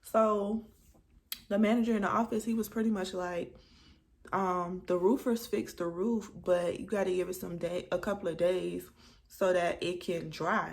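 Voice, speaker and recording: Gravelly-voiced woman telling a story. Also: mid-range voice, a little slow. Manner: animated, dramatic retelling with quoted dialogue. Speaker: vlogger. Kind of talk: casual storytime chat.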